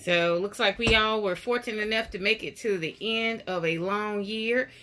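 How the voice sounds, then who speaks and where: The weekly doll live stream's host chats casually from the doll room in her house, greeting viewers by name and sounding a bit out of breath, on a phone live stream. Her voice is medium-pitched, steady, moderately paced, and a bit bright.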